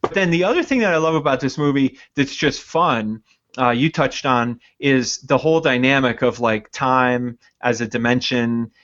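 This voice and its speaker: A man's voice: mid-range voice, moderate pace, fairly bright tone. A man co-hosting a casual podcast chat, reviewing a movie in a reflective way and searching for words as he goes. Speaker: podcast co-host. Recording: dull lo-fi sound.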